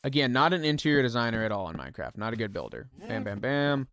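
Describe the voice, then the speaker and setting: A man's voice: medium pitch, animated, quick pace, a bit bright, a little hiss or hum. A man casually thinking aloud while playing a building game live, poking fun at himself and chatting to his viewers. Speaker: streamer. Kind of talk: casual live gameplay commentary. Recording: music playing behind the voice.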